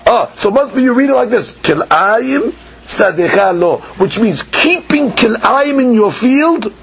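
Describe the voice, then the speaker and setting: A man teaching a Talmud lesson, chanting the text in a sing-song and then explaining it quickly, asking and answering his own questions. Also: extremely high pitch, fairly bright tone, slight background noise. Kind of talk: Talmud lecture. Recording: dull lo-fi podcast recording with faint ambience.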